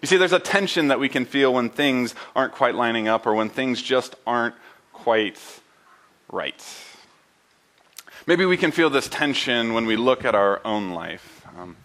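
A male pastor delivers a sermon in an earnest, reflective way. He often pauses, stumbles and restarts, with plenty of "um"s and "uh"s. His voice sits in an ordinary middle pitch. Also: animated, a bit bright. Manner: earnest, halting, with many fillers and restarts. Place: church building.

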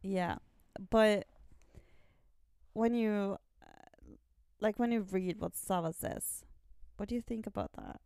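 A woman's voice: medium pitch, slow pace, long pauses, mellow, clear, resonant tone, dry recording, studio quality. A woman co-hosting a podcast, casually retelling a comic story and often saying "like". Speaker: podcast co-host. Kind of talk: casual chat about a comic series.

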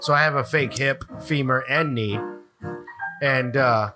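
A man hosting a podcast, telling a rude hospital story in casual, profane talk and acting out his own yelling. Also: medium pitch, measured pace. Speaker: podcast host. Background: music.

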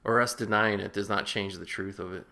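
A man with a low, gravelly voice co-hosts a casual film podcast. He rambles crudely and corrects himself mid-sentence. His tone stays bright and edgy. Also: fairly even intonation, fairly quick. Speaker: podcast co-host. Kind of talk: casual film-review chat.

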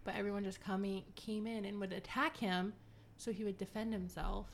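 A woman's voice: medium pitch, fairly even intonation, normal speed. A woman co-hosting a podcast, recapping a novel in casual chat, swearing freely and acting out the characters' lines. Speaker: podcast co-host.

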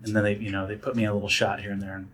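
A man telling stories in a casual interview, animated and full of fillers and restarts, often acting out other people's voices. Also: on the low side, rapid-fire, breathy edge. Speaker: guest, director and actor.

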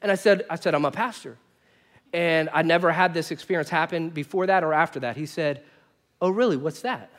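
A male pastor preaching a sermon, with animated storytelling that swings between loud bursts and quiet asides. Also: fairly high pitch, a little fast.

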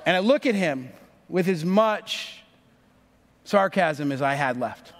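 A man in his thirties, a pastor telling a story in a sermon, animated and acting out the voices of the people in it. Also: on the high side, slow. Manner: animated, acts out voices in stories. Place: church sanctuary. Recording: long reverb of a large hall.

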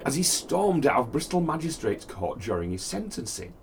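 A man's voice: medium pitch, very animated, moderate pace, background noise. A man hosting a casual chat, reading a news story aloud and often laughing.

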